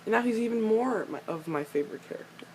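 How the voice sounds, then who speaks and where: Young woman fangirling over a show, cusses a lot, laughs, voice jumps up high when she gets excited. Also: fast, slightly rough. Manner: excitable, swears a lot, gushes and rants at characters. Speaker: fan reviewer reacting to a TV episode. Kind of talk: casual fan recap with reactions.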